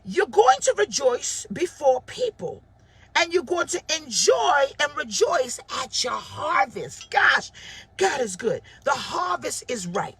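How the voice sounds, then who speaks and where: A woman in her forties preaching an animated livestream sermon, calling out viewers by name and raising her voice often. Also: sits high, slow pace, dry recording. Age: 40s. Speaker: pastor.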